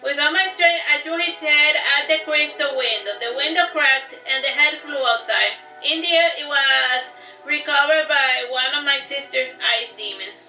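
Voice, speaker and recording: A woman reads her own fantasy story aloud and often restarts her lines. Her voice is high and bright. She sounds far from the microphone in a roomy space, with faint music underneath. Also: moderate pace. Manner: steady reading with frequent restarts. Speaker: author. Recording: roomy, distant, dull recording with faint music.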